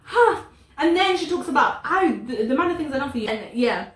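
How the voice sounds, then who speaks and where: A woman chatting casually about a drama, animated and laughing as she acts out quotes. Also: high-pitched, a little fast. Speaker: co-host. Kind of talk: casual chat reviewing a drama. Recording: echoey room, a bit far from the mic.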